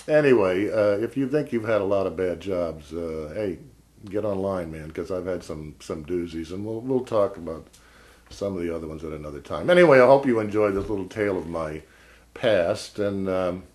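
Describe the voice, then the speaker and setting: A man's voice: low voice, moderate pace, darkish tone. A man vlogging a casual story about an old job, rambling and wry, often breaking off mid-sentence. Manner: rambling, self-interrupting, wry.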